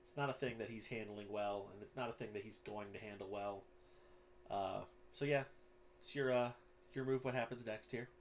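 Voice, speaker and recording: A man's voice: fairly low pitch, fairly even intonation, normal speed. Guy running a tabletop game, casual, lots of ums, faint background hum. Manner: casual, with fillers and profanity. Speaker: game master.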